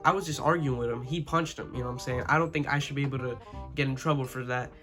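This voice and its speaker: A man's voice: medium pitch, steady tone, fast talker, fairly bright tone. Young man, casual storytime, rambling, swears a lot, keeps saying "you know what I'm saying", faint guitar underneath. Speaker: vlogger.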